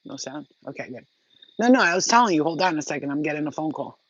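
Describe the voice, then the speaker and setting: A woman's voice: low-pitched, animated, fast, no room sound. Blunt, profane woman vlogging, dull sound. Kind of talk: casual direct-to-camera talk.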